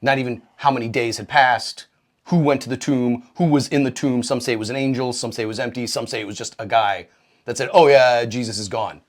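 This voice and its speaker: A man co-hosting a comedy podcast, retelling old stories in a profane, irreverent way and jumping into quoted voices. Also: fairly quick. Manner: profane, animated, acts out quoted characters with big pitch jumps. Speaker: podcast co-host.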